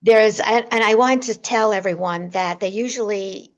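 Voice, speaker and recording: A woman telling stories on a podcast as a guest medium, animated, her voice jumping high when she relives moments. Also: moderate pace. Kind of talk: storytelling in a podcast interview.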